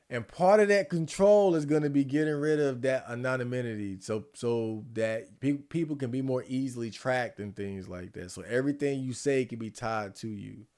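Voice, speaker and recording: A man's voice: medium pitch, normal speed, a little mellow. A man chatting casually on a livestream, ranting and rambling with frequent restarts.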